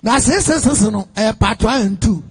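Ghanaian pastor guy preaching hard, high husky gravelly voice. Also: animated, normal speed. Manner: emphatic preaching, mixing Twi and English, sometimes breaking into sung lines. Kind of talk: sermon.

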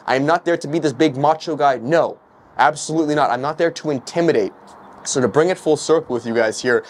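A man's voice: fairly high pitch, fast talker, slight background noise. A young man and street preacher giving an earnest, exhorting casual vlog sermon to camera, often addressing his viewers as "guys".

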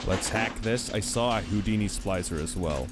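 A man giving casual gameplay commentary as host of a let's play, thinking aloud in a musing, halting way. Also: sits low, heavy background noise. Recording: game music clearly behind.

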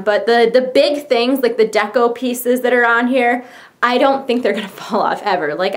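Bubbly young woman vlogger, slightly high voice, gushing casual show-and-tell. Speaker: YouTuber.

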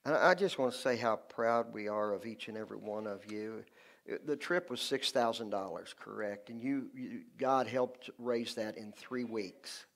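A man's voice: lowish voice, moderate pace, gravelly, fairly bright tone. A man leading a church service as pastor, fervently repeating short phrases for emphasis. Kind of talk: sermon. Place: church sanctuary.

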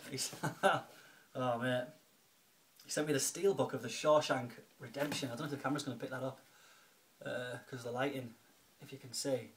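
Man, casual vlog, chatty, lots of ums and restarts, grateful, faint background hiss, indoors. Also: mid-range voice. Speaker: video blogger, film collector.

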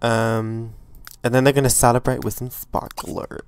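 A man hosting a let's play, giving chatty, excitable gameplay commentary and swearing freely. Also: mid-range voice, moderate pace, clear, resonant tone, no room sound.

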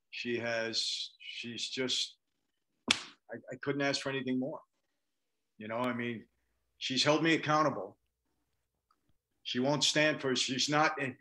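A man's voice: medium pitch, a bit bright. An older man, a guest on an interview show, reflecting candidly and telling stories from his life with frequent restarts. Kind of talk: storytelling interview.

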